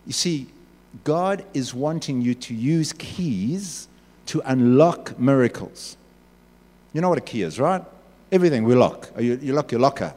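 A man preaching a sermon in an animated way, acting out voices and jokes. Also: mid-range voice, unhurried. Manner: animated, acts out voices and asides. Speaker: pastor. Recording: echoey hall.

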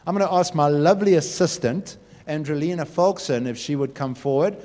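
A man's voice: fairly high pitch, a little fast, dark tone, long reverb tail. A man giving a casual church talk to a youth group, telling stories loosely with many fillers.

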